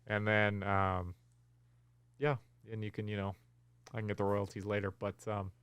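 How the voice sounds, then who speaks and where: Smooth, dry-voiced relaxed man. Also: fairly low pitch, normal speed, dry recording. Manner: relaxed, rambling with many ums. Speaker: podcast co-host. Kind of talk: casual chat.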